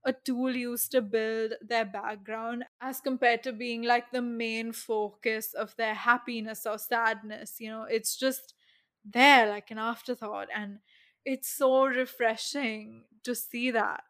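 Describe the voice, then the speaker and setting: A young woman co-hosting a casual chat, speaking in a thoughtful, measured way with soft fillers. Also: fairly high pitch, level tone. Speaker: podcast co-host.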